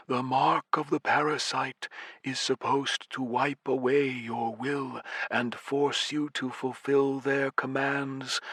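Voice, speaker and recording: A man's voice: medium pitch, pushed and bright, slightly rough, no room sound, clean studio sound, voice pushed up, full character voice. A man voicing a weak, ancient male sleeping god whose voice comes through faint and fading.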